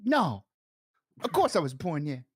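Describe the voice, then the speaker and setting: A man's voice: fairly high pitch, big pitch swings, measured pace, slightly rough, no echo, clean studio sound, heavily acted. A man playing an eccentric, morbid 84-year-old male caller with a wavering put-on accent, in an improvised comedy bit. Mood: deadpan. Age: 80s. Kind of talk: improvised comedy role-play.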